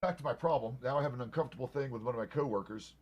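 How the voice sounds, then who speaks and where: A man's voice: medium pitch, very fast, breathy edge, no echo, dull audio. A middle-aged man streaming a game, chatting casually in a grumpy, swearing, complaining way. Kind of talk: casual live-stream chat while gaming.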